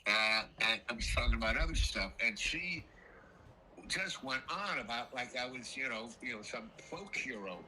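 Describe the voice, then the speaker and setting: A man's voice: mid-range voice, animated, normal speed, sharp tone, distant mic, a little hiss or hum, poor audio. An older man telling a meandering personal story that jumps around in time. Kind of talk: rambling personal anecdote.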